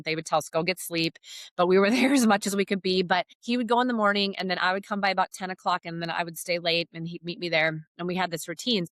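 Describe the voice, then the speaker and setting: A woman's voice: on the low side, a bit bright, no room sound. A middle-aged woman giving a heartfelt faith testimony as a podcast guest, telling her story earnestly.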